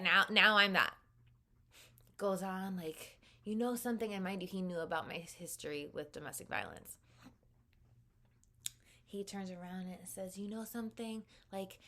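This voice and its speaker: A woman's voice: mid-range voice, pushed and bright. A young woman vlogger candidly telling a personal story in a conversational way, often saying "like".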